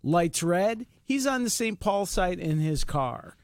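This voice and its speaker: A man co-hosting a podcast, telling a story in an animated, laughing way. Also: sits high, takes it slowly, no echo, clean studio sound. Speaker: podcast co-host. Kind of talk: casual storytelling.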